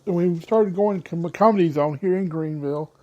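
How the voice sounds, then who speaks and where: A man's voice: high-pitched, normal speed, a little mellow, lo-fi sound. A man hosting his own podcast in casual solo talk, rambling and often losing his train of thought. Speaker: podcast host.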